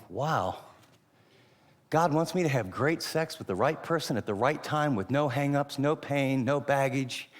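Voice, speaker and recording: Emphatic male preacher in a reverberant hall. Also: mid-range voice. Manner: emphatic, rhetorical questions, shifts between loud and hushed. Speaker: pastor. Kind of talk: sermon.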